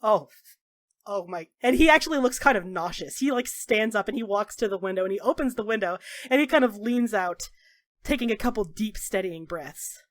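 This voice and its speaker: A woman narrating a tabletop game as game master in a casual, animated way. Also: mid-range voice, fairly quick, no echo.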